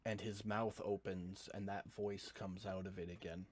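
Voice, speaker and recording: A man narrating as game master of a tabletop game, calmly describing the scene. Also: low voice, normal speed, breathy edge. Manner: calm, descriptive scene-setting.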